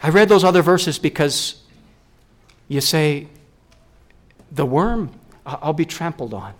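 High-voiced preacher man, dramatic hushes. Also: expressive, takes it slowly. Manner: swings from loud rising questions to hushed low emphasis; self-correcting, repeats words. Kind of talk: sermon.

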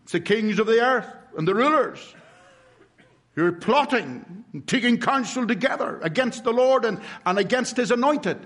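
A man preaching a sermon to a congregation, stressing words slowly and asking rhetorical questions. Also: very high-pitched, animated, fairly bright tone. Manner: emphatic, with slow drawn-out stresses and rhetorical questions.

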